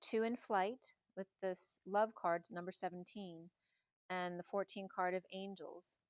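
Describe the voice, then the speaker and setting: A middle-aged woman, slightly hoarse, giving a spiritual tarot reading in a musing, meandering way that strings numbers and symbols together. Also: lowish voice, steady tone, measured pace, dry recording. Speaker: tarot reader.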